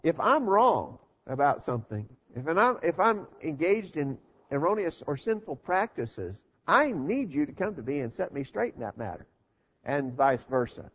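A man delivers a sermon in an earnest, steady teaching voice that sits a little high for a man. He leans on rhetorical questions as he explains his points. The recording is dull and lo-fi. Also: normal speed, slightly rough. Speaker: preacher.

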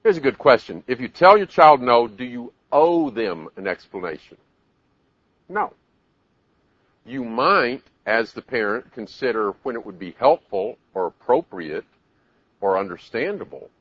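A man speaks at a parenting seminar, his pitch swinging widely as he acts out scolding parents and stubborn kids. The sound is dry and close, with a slightly dull, muffled top end. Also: unhurried, dry recording. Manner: animated, acts out parents and kids in raised voices. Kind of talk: live seminar talk.

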